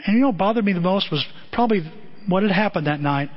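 A man's voice: high voice, animated, fast. A man preaching a sermon, telling a personal story in an earnest, self-deprecating way. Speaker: pastor. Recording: dull lo-fi sermon recording.

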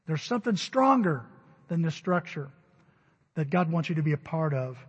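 A male pastor preaching to his church, his fairly high voice turning emphatic and loud on key words. His tone is husky, and it is captured on a dull recording. A long reverb trails after each line in the sanctuary. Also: very animated, normal speed. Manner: emphatic, rising to loud stresses. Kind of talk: sermon.

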